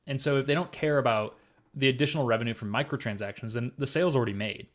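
A man's voice: mid-range voice, fast talker. A man co-hosting a podcast, chatting casually and going on ranting, swearing tangents. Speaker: podcast co-host. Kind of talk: casual chat.

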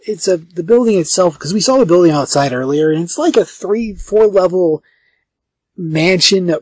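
A man's voice: sits high, expressive, moderate pace, darkish tone, husky, no echo. A man co-hosting a podcast, recapping a comic in a rambling, casual way with lots of fillers. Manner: rambling, filler-heavy storytelling. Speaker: podcast co-host.

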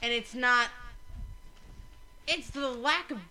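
Bright, blunt woman co-hosting a podcast. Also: on the high side, slow pace, rough recording. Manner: blunt, swears freely. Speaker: podcast co-host. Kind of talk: casual banter.

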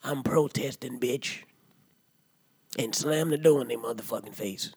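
A rowdy drunk uncle holds forth with a husky, breathy voice, as a man puts him on. He rants and swears loudly, then sinks into low asides in a comic monologue. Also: unhurried. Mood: ranting. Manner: loud profane rant, swings to low mutters. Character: rowdy drunk middle-aged uncle ranting. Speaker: comedy podcast character. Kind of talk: comedic monologue.

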